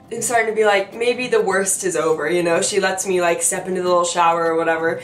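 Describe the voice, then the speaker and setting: A woman's voice: on the low side, fairly quick. Chatty young woman telling a story, roomy. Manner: chatty and animated, laughing at herself, many fillers. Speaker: vlogger. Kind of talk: casual storytelling to camera. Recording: roomy sound from a distance with faint music.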